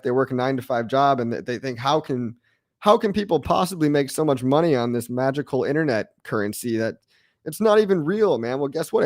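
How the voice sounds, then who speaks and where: A man hosting a crypto livestream, talking casually to his chat in an excitable, brash way, mocking critics and repeating his lines for emphasis. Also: mid-range voice, no echo, studio quality. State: out of breath. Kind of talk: live-stream chat reacting to viewers.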